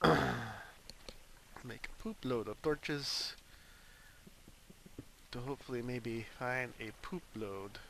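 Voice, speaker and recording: Bright, rambly dude narrating his game at home, kinda goofy, some faint hiss on the mic. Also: medium pitch, extremely slow, creaky, long pauses. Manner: rambling, jokey, self-mocking. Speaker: let's play host. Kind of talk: casual gameplay commentary. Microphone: desk microphone.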